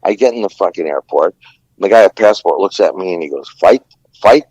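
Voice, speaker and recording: A man's voice: low-pitched, lively intonation, quick pace, a little mellow, dry recording, highs cut off. A man, a former ring announcer, telling rambling fight stories on a podcast with many fillers and curses. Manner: rambling anecdotes with frequent fillers and profanity. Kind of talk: casual storytelling.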